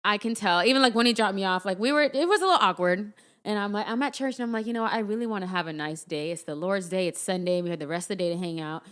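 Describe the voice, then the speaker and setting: A young woman co-hosting a podcast, chatting casually with her husband and laughing often as she tells animated stories. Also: medium pitch, fast talker. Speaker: podcast co-host. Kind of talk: casual chat.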